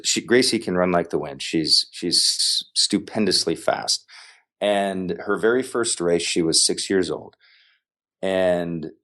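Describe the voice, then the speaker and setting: Low-voiced man telling an emphatic story. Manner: animated, emphatic, repeats phrases for effect. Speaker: podcast guest. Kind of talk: casual storytelling in conversation.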